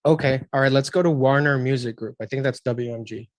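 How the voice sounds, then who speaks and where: A man's voice: medium pitch, fairly quick, dry recording. Casual man hosting a trading webinar. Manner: casual, filler-heavy questions. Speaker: webinar host. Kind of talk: live webinar moderation.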